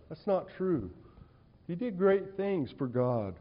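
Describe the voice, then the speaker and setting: Animated male preacher, fairly high voice. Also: normal speed. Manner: animated, conversational storytelling preaching. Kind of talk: sermon. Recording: dull, reverberant hall sound.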